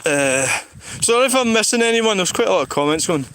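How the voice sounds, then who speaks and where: A man's voice: high-pitched, lively intonation, a little fast, a bit bright, clean tone. A Scottish man casually chatting on a livestream and reading out comments, rambling and blunt, with plenty of swearing. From Scotland. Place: outdoors in the countryside.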